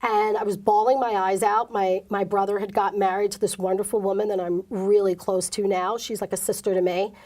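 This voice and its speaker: A woman's voice: medium pitch, flat delivery, brisk, few pauses, a little mellow. A middle-aged woman, an interview guest, candidly telling an emotional personal story and acting out the quoted dialogue.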